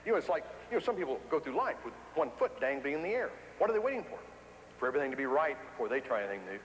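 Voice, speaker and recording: A man from the Ozarks, giving an animated, folksy keynote speech to an audience in a large hall. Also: a little high, racing, slight background noise. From Ozarks, USA. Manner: folksy, animated storytelling with repetition for emphasis. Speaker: motivational speaker. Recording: echoey hall with long reverb.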